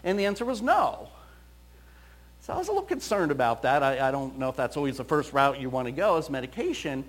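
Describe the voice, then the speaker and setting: Lively, animated man telling stories. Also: medium pitch, fast. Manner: animated storyteller, quoting voices. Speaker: counselor. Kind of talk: storytelling talk.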